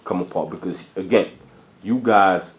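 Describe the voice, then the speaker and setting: Deep-voiced guy doing the interview, relaxed, rambles his questions. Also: normal speed. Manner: relaxed, asks long rambling questions with "I'm saying". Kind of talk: casual interview.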